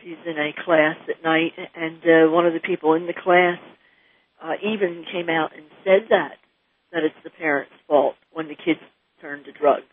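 A woman in her sixties from New Jersey, a guest mother speaking earnestly and from the heart, with halting restarts, on a radio interview. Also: sits low, fairly even intonation. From New Jersey, USA. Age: 60s. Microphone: telephone. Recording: tinny phone line.

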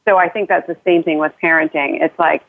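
A woman guest heard over a thin, phone-like line, her voice sitting fairly low. She talks earnestly and rambles, restarting her sentences as she explains things. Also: fairly even intonation, a little fast, dry recording. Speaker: author guest. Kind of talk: casual interview talk.

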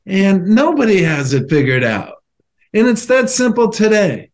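Guy telling his story slow and earnest on a podcast, kinda high voice, stops and restarts a lot. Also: sing-song. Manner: earnest, halting, acts out remembered phone calls. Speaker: guest, former professional tennis player.

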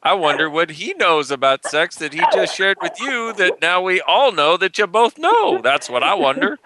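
A man's voice: high-pitched, very animated, moderate pace, crowd noise. A man co-hosting a call-in radio show, chatting in a playful, teasing way. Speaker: co-host. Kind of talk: casual radio chat.

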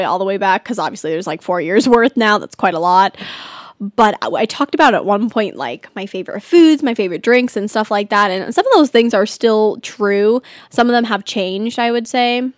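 A woman's voice: medium pitch, moderate pace, no echo, clean studio sound. A teenage girl from California hosting a casual solo chat show, bubbly and rambling with lots of giggles and "like". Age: teens. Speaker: host.

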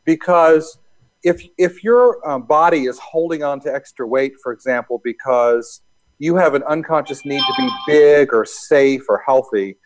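A man interviewed as a hypnosis and NLP coach, explaining his work in a calm, easygoing way. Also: fairly high pitch, unhurried. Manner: calm, explanatory, laughs easily. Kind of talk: casual interview talk.

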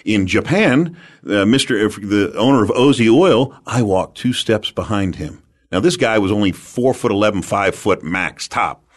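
A man from the United States, an animated and emphatic storyteller, giving sales advice as an interview guest. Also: on the low side, moderate pace.

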